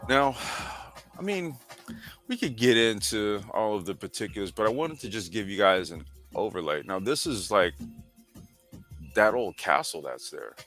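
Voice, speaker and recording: A man's voice: lowish voice, animated, moderate pace, a bit bright, soft background music. A man hosting a casual sim racing talk show, reading history aloud with lots of fillers and slang. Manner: laid-back, slangy, reads history aloud with frequent fillers. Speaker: podcast host.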